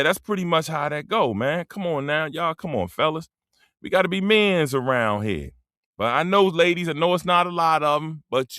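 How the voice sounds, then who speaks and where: Give me a middle-aged man talking loosely to his live chat, slightly higher voice, dry sound. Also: fairly bright tone, clean tone, no echo. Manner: loose, joking, preachy asides to chat; laughs often mid-sentence. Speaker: livestream host. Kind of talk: casual livestream rant.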